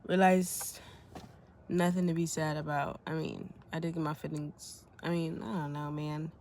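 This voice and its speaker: A woman's voice: deep voice, fairly even intonation, unhurried, darkish tone. A young woman vlogging casually to camera, slangy and rambling, tearful after crying for a long time. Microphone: phone camera.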